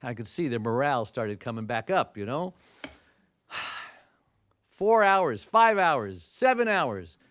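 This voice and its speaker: Animated man in his sixties telling a story. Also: medium pitch, measured pace, long pauses, no echo, studio quality. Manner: animated storyteller who acts out dialogue. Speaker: motivational speaker. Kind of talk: storytelling speech to an audience.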